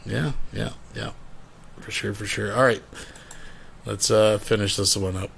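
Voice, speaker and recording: A man hosting a livestream, giving relaxed, chatty commentary that explains what the viewers just saw. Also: lowish voice, unhurried, gravelly, a little hiss or hum. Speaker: stream host reacting to clips. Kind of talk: casual reaction commentary.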